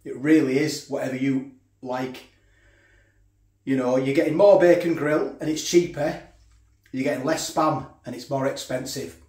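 A man's voice: medium pitch, steady tone, normal speed, long pauses, a little mellow, reverberant. A man casually reviewing food for his vlog, chatting while he eats. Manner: chatty, talks while eating. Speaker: food vlogger.

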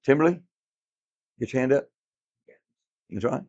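A man's voice: mid-range voice, expressive, a little slow, darkish tone, no room sound. A man teaching a class Bible lesson, emphatic and repetitive, quizzing his students in a classroom. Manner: emphatic, repeats key words, quizzes the class. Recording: dull lo-fi, dry.

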